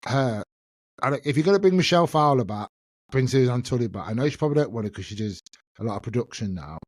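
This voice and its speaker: A man's voice: medium pitch, expressive, fast, slightly rough, dry recording. A man, hosting a casual solo podcast and chatting in a self-mocking way, laughing often. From England. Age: 50s. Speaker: podcast host.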